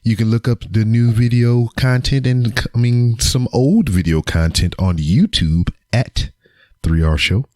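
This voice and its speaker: A man with a medium-pitched, unhurried, somewhat mellow voice hosts a casual solo podcast on camera, cursing during a joking roast. The home recording, taken through a camera mic, has no echo and studio quality.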